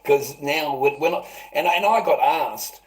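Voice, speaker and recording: A man ranting bitterly to his livestream viewers, swearing constantly, laughing scornfully and swinging between loud outbursts and low mutters. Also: a little slow, rough recording. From Australia.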